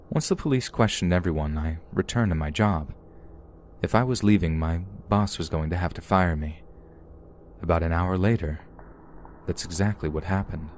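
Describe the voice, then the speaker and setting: Deep-voiced man narrating a horror story. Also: darkish tone, slight background noise. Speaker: podcast narrator.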